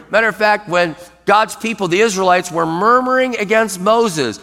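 Male pastor, emphatic sermon delivery, slightly high voice, long church-hall reverb. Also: expressive, normal speed, hardly any pauses, pushed and bright. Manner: emphatic, acts out quoted mutterings in a low grumble.

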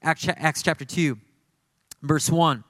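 A man's voice: on the high side, measured pace, fairly bright tone, dry recording. A man preaching a sermon with passion, stressing points through repeated phrases. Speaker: pastor.

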